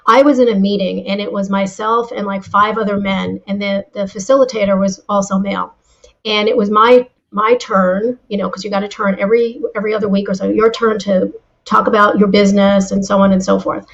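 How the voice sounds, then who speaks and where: Lively woman telling stories, dull audio. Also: medium pitch, brisk, gravelly. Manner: lively storyteller, repeats words when starting a thought. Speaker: guest, sales and leadership speaker. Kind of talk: interview answers with personal stories.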